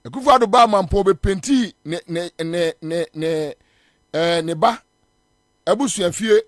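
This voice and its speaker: A man's voice: sits high, measured pace, dry recording, clean studio sound. A Ghanaian man hosting a morning radio show, delivering combative political commentary and hammering his points with repetition. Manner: combative, scornful, repeats phrases for emphasis.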